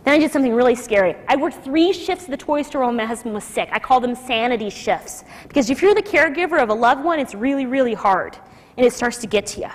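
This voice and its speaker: High-voiced woman telling a story in a hall. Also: lively intonation, fast. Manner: emotional storytelling, acting out quoted voices. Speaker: speaker at a nursing school talk. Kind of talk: personal story told to an audience. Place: lecture hall. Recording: lecture hall with long reverb.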